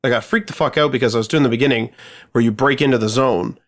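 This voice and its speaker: This man is a podcast co-host telling a gaming story during casual chat, cursing freely and rambling with many fillers. He talks fast in a mid-range voice.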